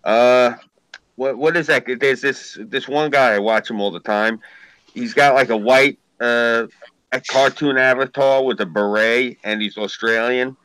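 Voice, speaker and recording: A man's voice: mid-range voice, fairly even intonation, measured pace, a bit bright, clean tone, no room sound, poor audio. A man hosting a live stream, chatting casually and telling rambling, profane stories.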